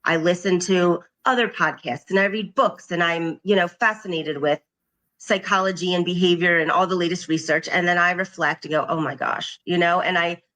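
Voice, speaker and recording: A woman's voice: fairly low pitch, steady tone, normal speed, bright, forceful tone. A middle-aged woman, a parent coach, talking earnestly and reflectively in a podcast interview, often quoting what she says to her children. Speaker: guest, parent coach and occupational therapist.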